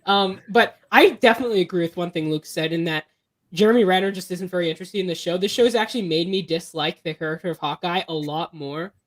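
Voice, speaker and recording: A woman's voice: lowish voice, fast talker. A young woman hosting a casual movie review podcast, enthusiastic and playful, steering the talk. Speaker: podcast host.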